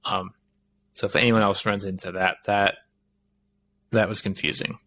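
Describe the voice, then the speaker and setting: A man's voice: fairly low pitch, level tone, moderate pace, bright, forceful tone, slight background noise. A man co-hosting a tech podcast, chatting casually and wandering through long explanations that he corrects as he goes. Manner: rambling, self-correcting explanations. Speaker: podcast co-host.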